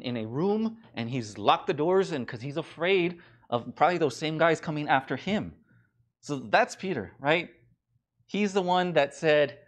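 A man preaching a sermon as pastor, in a conversational, animated way with many restarts and fillers. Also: medium pitch. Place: church.

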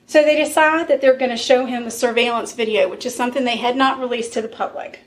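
Speaking fast in a fairly high voice, this podcast co-host recounts a true crime case in a casual way. She's a storyteller who acts out the quotes of those involved, using fillers.

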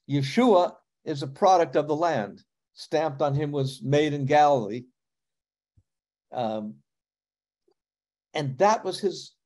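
A middle-aged pastor with a New York accent teaches a sermon in a loose, chatty manner. His voice sits a bit high for a man but sounds mellow and warm. He stops on fillers and asks the congregation questions as he goes.

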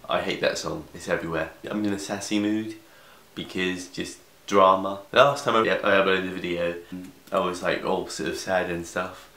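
Young man, comedic reading, sarcastic, low-pitched, roomy echo. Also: fairly even intonation, moderate pace, sharp tone. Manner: sarcastic, interrupts himself with asides. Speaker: vlogger. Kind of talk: comedic fan fiction reading. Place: room in grandparents' house.

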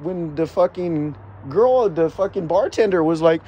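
Outdoors in a city, a man records a rambling vent on his phone, shaken, heart racing and agitated, cursing and repeating himself. His fairly high-pitched voice is expressive yet dark-toned and measured, and the recording sounds muffled with slight background noise.

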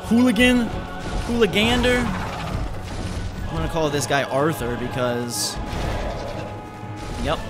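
A man giving excitable, joking commentary while playing a game, yelling at enemies. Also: medium pitch, measured pace, long pauses. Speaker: let's play gamer. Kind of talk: live gameplay commentary. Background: game music.

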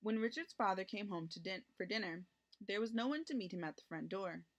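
A woman reading a children's picture book aloud, narrating gently and lifting her voice for the characters' lines. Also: medium pitch, a little fast, dull audio. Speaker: storybook reader.

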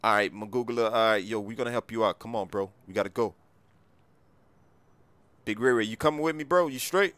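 A man's voice: lowish voice, a little fast, long pauses, a bit bright, clear, resonant tone, no room sound. A gaming YouTuber, a man chatting in a jumpy, panicky way full of "yo" while role-playing through gameplay. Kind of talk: excited role-play gameplay chat.

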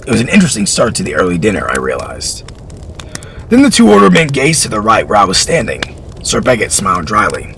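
A male storyteller reads historical fiction aloud with expressive delivery. His voice sits low but ranges widely in pitch, and a faint hum runs underneath. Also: fairly quick, creaky, rough recording. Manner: expressive reading.

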